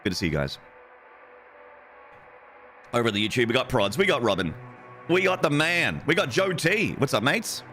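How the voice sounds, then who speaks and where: A man's voice: medium pitch, very animated, normal speed, long pauses, bright, forceful tone, faint music behind. A young man streaming games, greeting his chat in a playful, banter-filled way with casual swearing. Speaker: gaming streamer.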